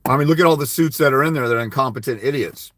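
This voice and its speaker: A man's voice: medium pitch, fast talker, a bit bright, no echo. A blunt, profane man giving casual legal advice to fathers on a livestream, telling stories with quoted dialogue. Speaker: host of a fathers' rights livestream.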